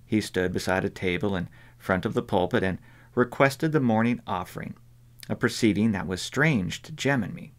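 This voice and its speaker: A man reads a novel aloud as an audiobook narrator, with a measured, even delivery. His voice sits on the low side. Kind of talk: scripted narration.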